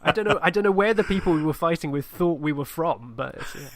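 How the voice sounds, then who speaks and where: A young man co-hosting a gaming podcast who tells a story in a lively, casual way and acts out voices. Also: a little high, quick pace. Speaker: podcast co-host. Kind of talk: casual chat recounting a game session.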